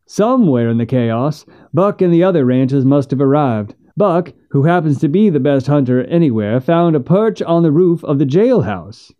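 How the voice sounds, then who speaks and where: A man narrating a western story in a measured, steady way. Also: fairly high pitch, muffled recording.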